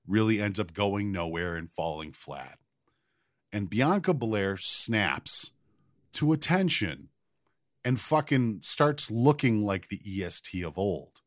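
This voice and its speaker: A man co-hosting a casual podcast, telling a wrestling story in an animated, profane way. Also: on the low side, no echo, studio quality. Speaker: podcast co-host.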